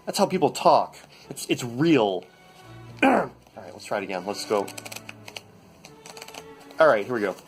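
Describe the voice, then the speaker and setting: Stammering, deadpan man mock-reading a novel. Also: mid-range voice, unhurried, pauses often, soft background music. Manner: rambling, stammering, mock-serious. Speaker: comedy host.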